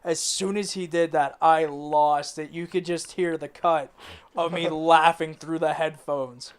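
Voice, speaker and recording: A man's voice: on the high side, fairly even intonation, a little slow, smooth. A man in a band telling a rambling story in a casual interview, laughing and swearing as he goes. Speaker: band member. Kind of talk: casual anecdote.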